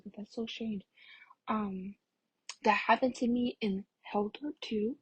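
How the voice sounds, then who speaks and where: A woman's voice: fairly high pitch, fairly even intonation, a little slow, breathy edge, dry recording, muffled recording. A young woman chatting casually to camera, telling a story with many fillers and now and then dropping to a whisper. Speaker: vlogger.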